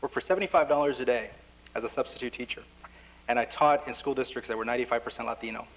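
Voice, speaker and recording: A man's voice: medium pitch, fairly even intonation, fast, poor audio. A man speaking on a panel at a public forum in a wry, conversational way, with touches of self-deprecating humor. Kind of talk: panel discussion. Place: lecture hall forum.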